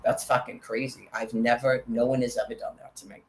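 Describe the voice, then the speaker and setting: A woman's voice: a bass voice, flat delivery, fairly quick. A woman, delivering an agitated, profane monologue to camera. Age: 50s. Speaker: vlogger. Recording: echoey, with faint background noise.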